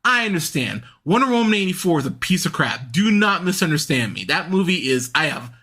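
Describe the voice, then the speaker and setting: A podcast host in full rant, cursing freely and sounding fed up. His voice sits high and sharp, cutting through with a bright, forceful edge. He slips into mocking voices now and then to sneer at his opponents. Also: big pitch swings, fairly quick, breathy edge. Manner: heated, profane, exasperated ranting with sarcastic mock voices. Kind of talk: ranting podcast commentary.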